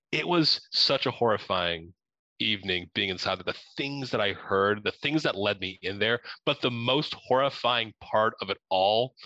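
Young man from Ohio, animated storyteller, bright tone, dry sound. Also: medium pitch, dry recording, highs cut off. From Ohio, USA. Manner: animated, laughing, acts out his own lines.

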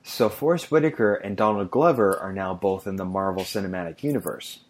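A man's voice: low-pitched, brisk. A man chatting casually on a podcast, ranting and swearing freely about movies. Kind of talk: casual chat.

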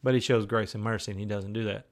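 A man preaching a sermon in a conversational way. He moves between raised, emphatic declarations and hushed, slow asides. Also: fairly low pitch, fairly even intonation. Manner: conversational, with plain everyday phrases.

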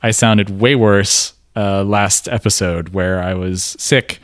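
Low-voiced man co-hosting a casual podcast. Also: fairly even intonation, clean tone, no echo, studio quality. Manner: halting, restarts, chuckles. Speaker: podcast co-host. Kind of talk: casual chat.

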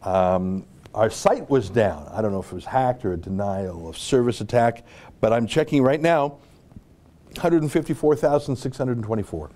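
A man's voice: mid-range voice, expressive, normal speed, dark tone. A man from North America hosting an online show, giving rambling, sarcastic casual commentary with many asides.

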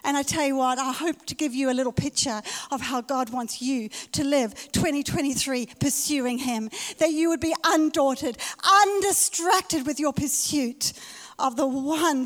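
A woman pastor preaches a sermon in a reverberant church hall, her voice high and a little slow. She is emphatic and repeats her key phrases.

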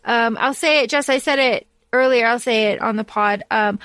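A woman's voice: on the high side, normal speed, fairly bright tone, clear, resonant tone, dry recording. A woman co-hosting a book podcast in casual chat, blunt and swearing freely, acting out scenes as she retells them. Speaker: podcast co-host.

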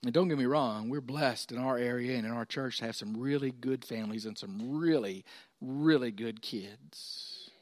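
A man's voice: medium pitch, moderate pace, dry recording. A middle-aged man, preaching a sermon in a folksy, conversational way with asides to his congregation. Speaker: pastor.

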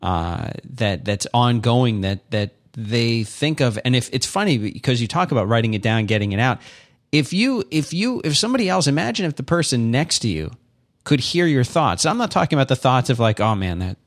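A man's voice: mid-range voice, big pitch swings, moderate pace. Hesitant, thoughtful male podcast co-host. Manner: thoughtful, hesitant, many restarts. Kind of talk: casual reflective chat.

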